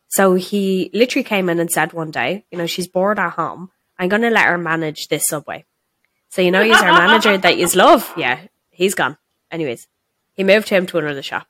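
Young Dublin woman, podcast co-host, low-ish bright voice, dry close sound, profane storyteller. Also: no echo. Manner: sweary, storytelling, laughing. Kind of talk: casual chat.

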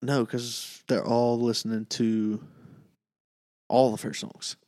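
A man's voice: medium pitch, little pitch movement, slow pace, dark tone, long reverb tail. A young man co-hosting a casual podcast, joking and teasing his partner. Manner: teasing, jokey. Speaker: podcast co-host. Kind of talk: casual chat.

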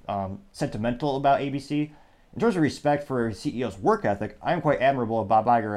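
A man's voice: medium pitch, a little mellow. A man hosting a show, giving casual, sarcastic news commentary in a rambling way with asides and self-corrections. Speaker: podcast host.

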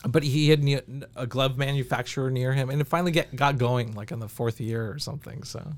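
A man telling lively stories on a podcast. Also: mid-range voice, a little fast, no room sound. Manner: animated anecdotes with frequent laughs. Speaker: podcast guest. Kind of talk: casual interview storytelling.

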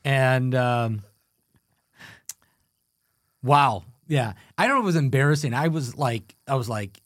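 An animated man chatting as a podcast guest, laughing often as he tells stories. His voice sits at a middle pitch. The sound is dry and close, with no room echo. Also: unhurried. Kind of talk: casual chat.

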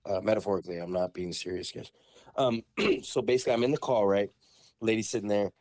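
A man casually telling profane stories on a podcast, acting out callers in mocking high voices. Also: quick pace, a little mellow. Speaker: podcast co-host. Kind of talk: casual chat.

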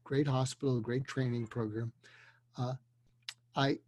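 An older man, a psychiatrist, telling a story earnestly and deliberately, dropping to a hush for emotional moments. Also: mid-range voice, fairly even intonation, no room sound. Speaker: guest, psychiatrist. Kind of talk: storytelling in a conversation. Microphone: video call.

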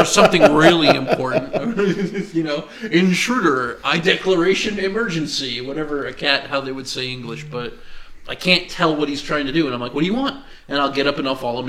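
A man co-hosting a podcast in casual chat, laughing often and doing high meows to mimic his cat. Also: bright, forceful tone, low-quality recording. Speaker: podcast co-host.

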